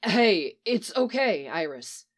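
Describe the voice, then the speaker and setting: A woman reading the part of a gentle young man who speaks softly and soothingly. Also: mid-range voice, expressive, a little fast, close to an everyday voice. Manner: soothing, soft.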